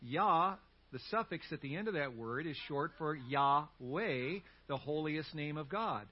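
A man's voice: on the high side, animated, unhurried, husky, dull audio. A male pastor preaching a sermon with animation and leading the congregation in call-and-response. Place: church sanctuary.

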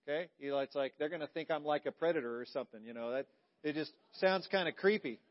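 High-ish guy preaching a sermon, punchy then goes all soft and quiet, kinda muffled lo-fi recording. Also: quick pace. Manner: emphatic, swings from loud stresses to hushed, intimate lines. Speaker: pastor.

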